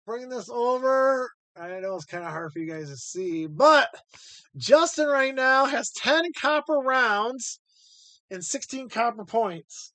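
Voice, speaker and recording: A man's voice: extremely high pitch, fairly bright tone, no echo. A man hosting a live stream, chatting casually and rambling as he thinks aloud while sorting coins.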